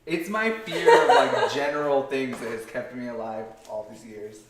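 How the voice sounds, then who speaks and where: A man's voice: medium pitch, very animated, normal speed, slight background noise. A young man guesting on a home cooking show, making dry, wry remarks and laughing along. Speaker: guest co-host. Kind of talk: casual chat while cooking. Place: home kitchen. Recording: echoey kitchen, mic far off.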